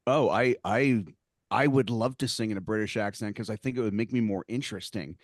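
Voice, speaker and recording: A man of middling pitch co-hosts with a joking, swearing storytelling style. His voice sounds dry and close. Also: a little fast, no room sound. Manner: jokey, swears, laughs while telling. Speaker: podcast co-host. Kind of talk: casual interview chat.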